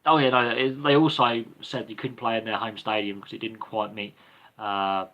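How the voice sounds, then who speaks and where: A man's voice: lowish voice, flat delivery, normal speed, bright, forceful tone, lo-fi sound. A man hosting a livestream Q&A, answering viewer questions off the cuff in a rambling, hesitant way with many ums and restarts. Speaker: livestream Q&A host.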